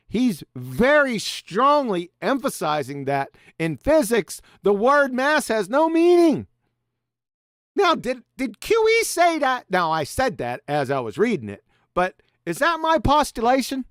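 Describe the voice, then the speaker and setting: A man's voice: very high voice, no room sound, studio quality. Combative man ranting on a livestream. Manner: combative, mocking, reads a quote then rants at critics. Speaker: livestream host. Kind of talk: live-stream commentary, reading passages aloud.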